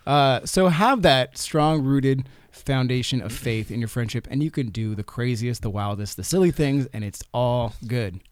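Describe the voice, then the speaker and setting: A man's voice: mid-range voice, animated, normal speed, few pauses, clear, resonant tone, no echo, clean studio sound. A young man co-hosting a casual faith podcast, agreeable and summing things up. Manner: easygoing, agreeable, sums things up. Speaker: podcast co-host. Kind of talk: casual chat.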